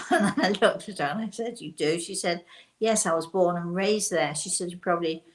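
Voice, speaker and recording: An older English woman with a softened accent from the English Midlands, telling a story from her own life. Her voice sits a little low for a woman. She talks in a chatty, rambling way, full of fillers and restarts. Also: normal speed. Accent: softened English, not strongly local. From Leicester, England. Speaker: spiritual medium host. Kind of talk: casual storytelling.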